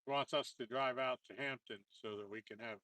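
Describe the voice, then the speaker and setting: A man co-hosting a casual live stream from a lake dock, giving short relaxed replies and chiming in. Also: mid-range voice, moderate pace, no room sound. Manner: laid-back, short replies and easy laughs. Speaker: co-host.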